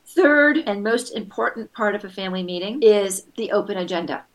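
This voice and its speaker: Woman parenting coach, patient and explanatory, mid pitch. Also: animated, a little fast. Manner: patient, acts out kids' voices in quotes. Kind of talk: advice session.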